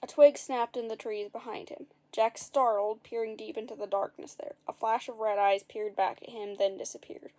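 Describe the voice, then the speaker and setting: A woman's voice: a little high, fairly even intonation, moderate pace, few pauses, darkish tone. Playful woman reading a story aloud. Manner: playful asides to listeners.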